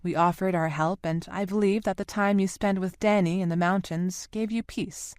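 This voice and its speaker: A woman voicing a gentle, somewhat nervous motherly woman speaking earnestly, in an audiobook. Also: medium pitch, fairly even intonation, normal speed, no room sound, clean studio sound, close to an everyday voice.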